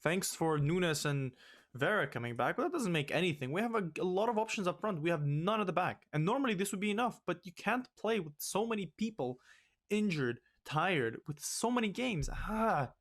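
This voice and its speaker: A fairly high-voiced young man ranting over a football management game. His talk is exasperated, and it jumps up in pitch and volume whenever a mistake sets him off. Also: animated, moderate pace, a bit bright. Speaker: let's play host.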